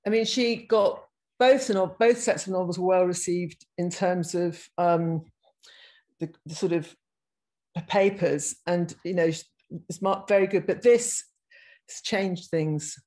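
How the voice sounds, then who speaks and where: Thoughtful woman in her sixties, low-voiced. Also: a little mellow, rough recording. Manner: thoughtful, halting, frequent restarts. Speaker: guest speaker. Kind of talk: reflective online talk, reading excerpts aloud.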